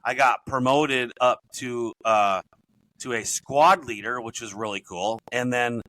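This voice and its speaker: In poor audio, a middle-aged business coach guesting on a podcast spins rambling, self-correcting stories for a casual storytelling interview. He has a mid-range voice, takes his time, and speaks with a sharp tone.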